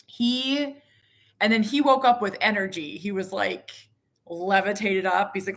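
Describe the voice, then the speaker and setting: A woman's voice: medium pitch, measured pace, sharp tone. A woman in her thirties talking casually to camera as a mother and vlogger, frank and self-mocking, with lots of fillers. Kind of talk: casual candid chat to camera.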